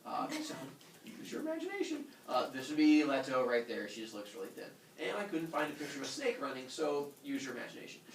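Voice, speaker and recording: A man's voice: medium pitch, quick pace, few pauses, crowd noise. A man retelling a myth to a live group in a goofy, comic way, with laughs and sound effects. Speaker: storyteller. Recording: echoey room from a distant mic, faint noise.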